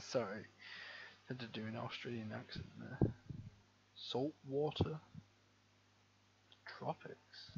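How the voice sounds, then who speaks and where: Slow, gravelly young man muttering. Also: medium pitch, darkish tone, dull audio. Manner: muttering to himself, trailing off, reading words aloud. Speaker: streamer. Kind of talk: thinking aloud while playing a live game.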